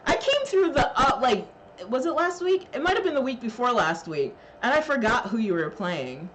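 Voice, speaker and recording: A woman's voice: on the high side, very animated, normal speed, noisy background. A woman streamer chatting casually with her live chat, emotional and laughing, thanking viewers with lots of fillers.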